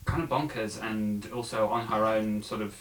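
A man talking casually and thoughtfully about a film, with frequent pauses and fillers. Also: lowish voice, steady tone, poor audio. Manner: thoughtful, hesitant, many fillers.

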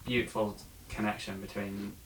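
A man with a fairly low voice, discussing a film in relaxed conversation. He speaks thoughtfully, pausing often with ums and restarts. A faint hiss sits under the recording. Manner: thoughtful, hesitant, many fillers.

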